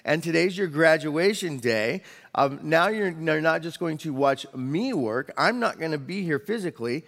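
A man preaching a sermon as a pastor, in a conversational way with quick asides and the odd restart. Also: on the high side, animated, creaky, a bit bright. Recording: long hall reverb.

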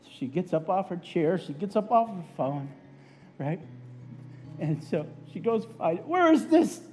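A man's voice: on the high side, animated, a little slow, mellow, faint music behind. A man preaching a sermon, telling a personal story in a conversational way with frequent "right?" asides, then leading a prayer. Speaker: pastor.

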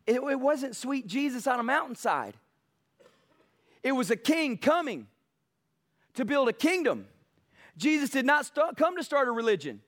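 A man's voice: extremely high pitch, very animated, normal speed, pauses often. A male pastor preaching a sermon emphatically, building passion. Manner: emphatic, building passion, mocks soft quotes.

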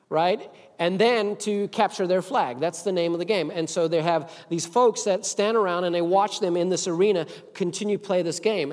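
A male pastor preaching with a notably high voice. He speaks earnestly, often repeating words and building emphasis, and his voice rings with a long hall reverb. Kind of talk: sermon.

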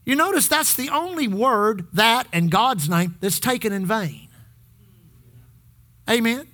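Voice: medium pitch, expressive, takes it slowly, bright, forceful tone. A pastor preaching a sermon in church, calling on the congregation to repeat phrases back. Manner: exhorting, call-and-response with the congregation.

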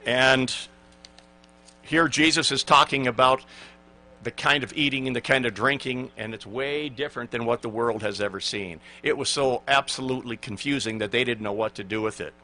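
A man's voice: mid-range voice, moderate pace, sharp tone. A man in his sixties, a pastor giving an earnest, emphatic sermon and reading out scripture.

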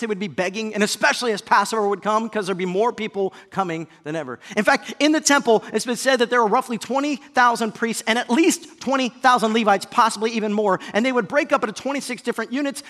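A man preaching a sermon who acts out shouted voices and drops to a hushed low voice. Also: long reverb tail. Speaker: pastor.

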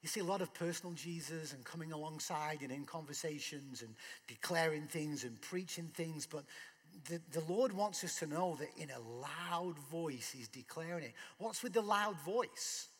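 A man's voice: a little high, moderate pace, a bit bright, breathy edge, big-room sound. A man preaching a sermon in a conversational way, asking rhetorical questions. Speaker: pastor.

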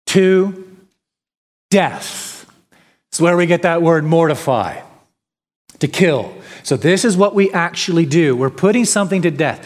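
A man preaching a sermon in a slow, deliberate, emphatic way, his voice sitting a little high. The sound rings out with a long reverb from a large church hall. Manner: emphatic, declaiming, mimics whiners.

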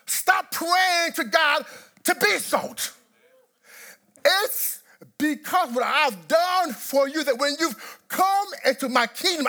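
A man preaching a sermon with real fervor, repeating words as he drives each point home. His pitch rises and falls widely, and his pace is slow and deliberate. He punches key phrases with sudden emphasis. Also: lively intonation, pushed and bright. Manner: impassioned preaching with repetitions and sudden emphatic bursts. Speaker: pastor.

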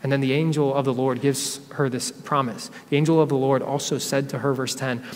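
A man's voice: medium pitch, steady tone, a little fast. A male pastor preaching a sermon, telling a scripture story and acting out what its people say. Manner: storytelling, acts out quotes from scripture figures. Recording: long reverb of a church hall.

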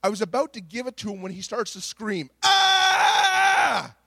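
A middle-aged male pastor preaches with passion, his voice sitting high for a man. He stumbles over repeated words and restarts phrases as he builds a story. The sound is dry and close, with no room echo. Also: fast, breathy edge. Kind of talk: Pentecostal sermon.

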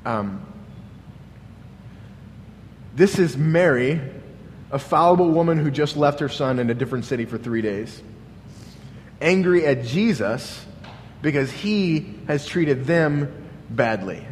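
A pastor preaching a sermon in an earnest, questioning way, often restarting with "like". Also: male voice, on the high side, lively intonation, takes it slowly, pauses often, long reverb tail, a little hiss or hum.

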